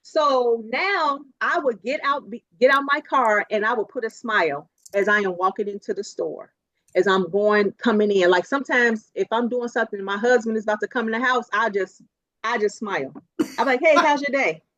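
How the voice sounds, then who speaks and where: A woman with a fairly high voice gives a motivational talk, lively and quick to laugh, repeating her points for emphasis. The sound is dry and a little dull, like video call audio. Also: no room sound. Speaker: keynote speaker.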